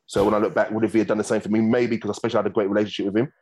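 Male guest, very low voice, brisk storyteller. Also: breathy edge. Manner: fast, animated anecdotes with acted quotes. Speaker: former footballer guest. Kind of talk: casual storytelling interview.

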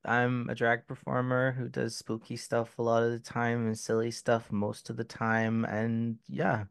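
Male player, slow hesitant delivery, dry close sound. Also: mid-range voice, flat delivery, creaky, clean tone, dry recording. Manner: hesitant, with ums and laughs. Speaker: player and drag performer. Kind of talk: casual chat.

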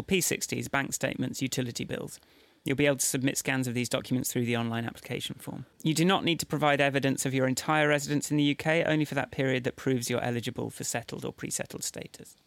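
A man co-hosting a podcast, reading out official guidance and then commenting on it in a measured, casual way. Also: medium pitch, steady tone, creaky, a bit bright, no room sound. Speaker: podcast co-host. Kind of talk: casual chat.

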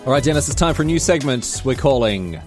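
A man's voice: mid-range voice, expressive, over music. A young Australian man with a city accent, co-hosting a podcast in casual, self-mocking chat. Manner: chatty, self-mocking, quick with asides. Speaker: podcast co-host.

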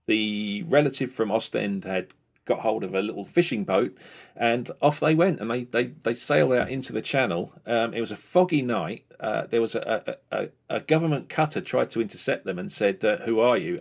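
A low-pitched man with a gravelly edge to his voice tells a story in easy conversation. He hesitates often and fills the pauses as he goes. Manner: chatty, hesitant with many fillers and laughs. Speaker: author guest.

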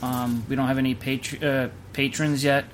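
A man's voice: medium pitch, little pitch movement, moderate pace, a little hiss or hum. A man hosting a casual podcast chat, rambling and joking loosely. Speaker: podcast host.

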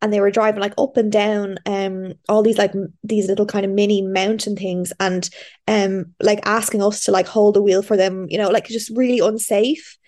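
A woman's voice: mid-range voice, flat delivery, normal speed, warm tone. A woman, hosting a podcast and telling a personal story in candid, chatty casual talk. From Ireland. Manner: candid, chatty storytelling with frequent fillers and restarts. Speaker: podcast host. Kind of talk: casual interview chat.

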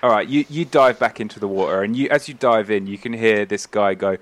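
A man narrating as game master of a tabletop game, throwing in quick voices for the characters. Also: fairly low pitch, no echo. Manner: voices the sailors in quick asides.

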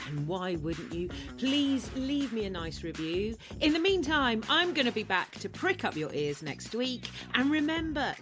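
A woman in her forties hosting a podcast, chatting in a cheeky, playful, bubbly way. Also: a little high. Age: 40s. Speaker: podcast host. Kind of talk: casual podcast chat.

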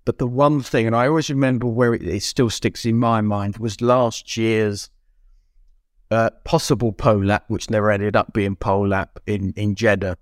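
A man co-hosting a casual podcast chat, animated and often exclaiming. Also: on the low side, normal speed, no room sound, studio quality. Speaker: podcast co-host.

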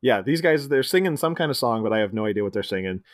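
A man's voice: mid-range voice, expressive, quick pace, no room sound, clean studio sound. A man co-hosting a podcast, animatedly retelling a film scene by scene and acting out quotes in silly voices. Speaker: podcast co-host. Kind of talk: casual movie recap chat.

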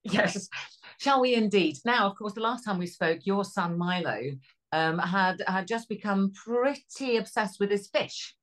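A woman's voice: mid-range voice, a little slow, fairly bright tone. A middle-aged woman from Cheshire, co-hosting a casual weather chat in an easygoing, lightly humorous way. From Cheshire, England. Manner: easygoing and conversational, with light humour. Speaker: podcast co-host, weather presenter.

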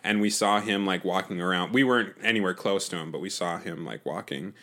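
A man's voice: deep voice, fairly quick, bright, forceful tone. A man in his twenties telling a rambling story in casual chat, full of fillers and swearing.

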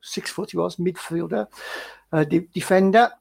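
High gravelly husky-voiced man reading clues. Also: fairly even intonation, a little mellow. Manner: halting, with many fillers. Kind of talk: casual quiz reading.

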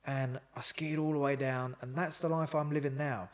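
A man tells a story with plenty of animation in a relaxed interview. His voice sits at a middling pitch, and he swears and laughs easily. He sounds like a talkative guest who is at ease with his host. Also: moderate pace. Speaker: psychotherapist guest.

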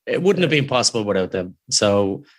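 A man co-hosting a podcast, chatting casually in a halting, joking way. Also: on the low side, very animated. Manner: halting, joking, full of restarts. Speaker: podcast co-host.

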